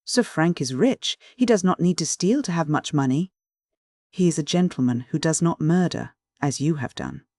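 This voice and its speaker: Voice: medium pitch, lively intonation, moderate pace, darkish tone, no echo, studio quality, lightly acted. A narrator voicing a fiery, scornful young Peruvian noblewoman in an audiobook, delivered as a fierce tirade. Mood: scornful fury.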